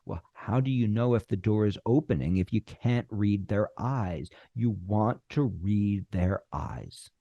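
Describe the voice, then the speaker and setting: A middle-aged man teaching screenwriting, talking animatedly, with deliberate pauses and acted-out bits of dialogue. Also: fairly low pitch, vocal fry, mellow, no room sound, lo-fi sound. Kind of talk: instructional talk.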